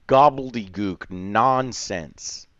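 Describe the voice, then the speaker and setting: A man's voice: fairly low pitch, fairly bright tone, no room sound, dull audio. A man reviewing a show online, ranting passionately and swearing. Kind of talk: heated video commentary.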